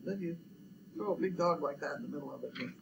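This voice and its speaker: A man's voice: fast, gravelly, background noise. An older man, musing and rambling in a casual chat about building projects and dogs. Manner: rambling, musing, low-key.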